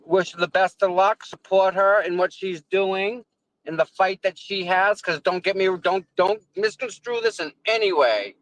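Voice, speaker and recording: Rambling live-streamer, male, high-pitched, dry close sound, chatting from his car. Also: normal speed, a bit bright, no room sound, poor audio. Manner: rambling, repeats words, thanks viewers effusively. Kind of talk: casual live-stream chat while driving. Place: car in traffic.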